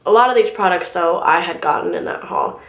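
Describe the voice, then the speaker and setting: A woman's voice: on the low side, expressive, fairly quick, a bit bright. A young woman telling a story in casual, filler-filled chat while doing her makeup at home. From California, US. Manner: chatty, filler-heavy storytelling. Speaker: beauty vlogger. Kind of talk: casual get-ready-with-me chat. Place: room at home. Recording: roomy home recording.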